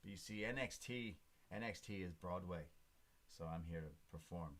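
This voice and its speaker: A swaggering male wrestler , as a podcast host puts him on, brags in a put-on Irish accent. The voice rides higher and louder than the man's usual low talk. The delivery is theatrical and boastful. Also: normal speed.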